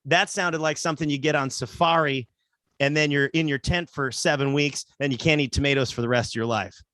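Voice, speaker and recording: A man's voice: fairly high pitch, fairly even intonation, a little fast, a bit bright, no echo. A man doing a stand-up comedy set, telling rambling stories with lots of asides.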